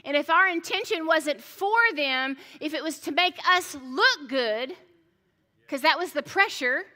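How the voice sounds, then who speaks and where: A woman's voice: high-pitched, lively intonation, a little slow, bright, forceful tone, in a large hall. A middle-aged woman pastor preaching a sermon, telling stories in a chatty way, with restarts and joking asides.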